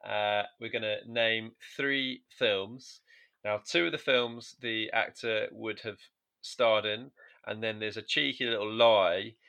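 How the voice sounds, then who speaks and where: Bright-voiced podcast host, halting. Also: male voice, lowish voice, steady tone, gravelly. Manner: hesitant, stumbling restarts, dry. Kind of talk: casual comedy podcast banter.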